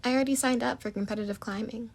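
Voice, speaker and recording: A woman's voice: on the high side, fairly even intonation, fast. A woman voicing a cheerful, eager teen girl student. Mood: upbeat.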